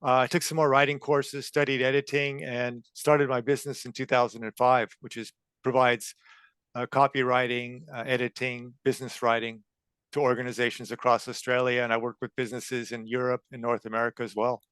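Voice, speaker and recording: A man in his fifties from California, a copywriter answering interview questions in a measured way. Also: mid-range voice, level tone, a bit bright, clean tone, dry recording. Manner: measured, with frequent uh fillers. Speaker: guest, copywriter.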